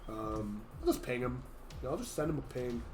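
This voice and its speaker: A man hosting and casting a live gaming tournament in a casual, chatty way, his voice a little hoarse from being sick, with sudden loud excited outbursts. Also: medium pitch, moderate pace, faint music behind. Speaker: tournament host and caster. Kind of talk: casual live-stream commentary.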